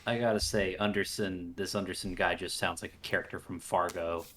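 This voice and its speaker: Low-voiced joking man. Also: fairly even intonation, brisk, fairly bright tone. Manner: joking, teasing, swears casually. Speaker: co-host on a live stream. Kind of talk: casual chat.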